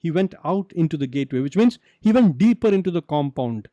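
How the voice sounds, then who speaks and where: A man's voice: fairly high pitch, fast, no echo. A man with a Kerala Indian English accent teaching a Bible lesson to youth, asking rhetorical questions and acting out the story. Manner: animated, asks rhetorical questions and dramatizes the story.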